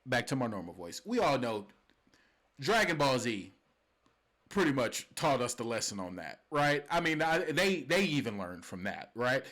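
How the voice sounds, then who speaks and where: A young man co-hosting a casual podcast, his pitch swinging widely as he talks. He laughs often and restarts his sentences over and over. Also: normal speed. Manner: animated, laughing, repeats and restarts, drops to a soft hushed voice. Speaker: podcast co-host. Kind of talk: casual chat.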